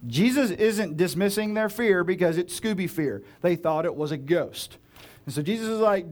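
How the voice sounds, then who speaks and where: Joking, casual preacher with a bright voice. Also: male voice, high-pitched, lively intonation, normal speed. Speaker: pastor. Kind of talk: sermon.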